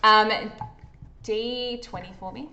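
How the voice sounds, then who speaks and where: A woman with an Australian accent running a tabletop horror game as game master, describing the scene vividly and halting often with fillers. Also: medium pitch, fairly even intonation, highs cut off, very noisy.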